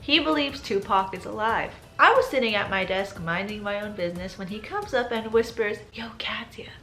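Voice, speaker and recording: A woman's voice: medium pitch, fairly quick, pushed and bright, faint music behind. A twenty-year-old woman telling a story on her vlog in a casual, sarcastic way. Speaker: YouTuber.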